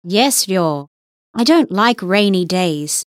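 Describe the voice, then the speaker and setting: A woman's voice: mid-range voice, lively intonation, no echo, studio quality. A woman reading a schoolgirl in a textbook dialogue. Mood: friendly. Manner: slow, clearly enunciated. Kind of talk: scripted listening-test dialogue.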